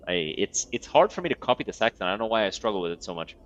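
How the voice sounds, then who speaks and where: A man's voice: lowish voice, big pitch swings, rapid-fire, hardly any pauses. A man streaming a video game, chatting casually with rambling asides and freely swearing. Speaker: gaming streamer. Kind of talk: casual gameplay chat. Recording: dull lo-fi sound, faint game music.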